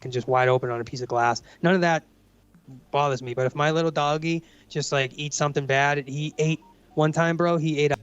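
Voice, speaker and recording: A man's voice: on the high side, fairly even intonation, a little fast, clean tone. A man on a casual livestream telling a rambling story, swearing often and saying bro and dude. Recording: dry, dull lo-fi mic.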